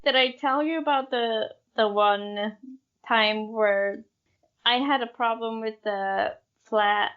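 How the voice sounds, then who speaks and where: A woman's voice: a little high, takes it slowly, clean tone, narrow, tinny audio. A woman co-hosting a casual true-crime podcast, telling the story in a giggly, hesitant way; English is not her first language. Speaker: podcast co-host.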